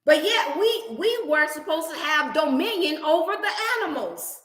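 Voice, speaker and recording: A woman with a bright, fairly high voice, preaching motivation and healthy eating like a sermon. Her talk is animated and laced with scripture. The room around her is echoey. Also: normal speed. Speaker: wellness channel host.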